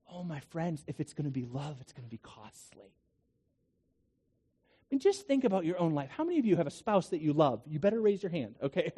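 Guy preaching a sermon, warm mellow voice, chatty, lots of questions to the crowd. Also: sits high, animated, normal speed. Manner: conversational preaching with rhetorical questions and asides. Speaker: pastor.

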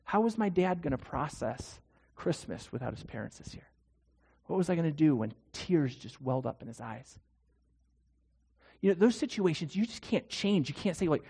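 A man's voice: a little high, very animated, normal speed, creaky, mellow, husky. A male pastor preaching a sermon in a conversational way, often asking the congregation rhetorical questions. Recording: long hall reverb.

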